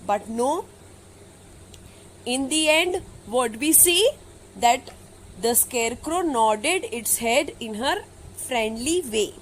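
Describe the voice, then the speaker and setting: A woman's voice: fairly high pitch, expressive, takes it slowly, long pauses, a little hiss or hum, poor audio. A woman teacher, reading a story aloud to children and explaining it line by line with frequent "okay" and "now". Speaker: English teacher.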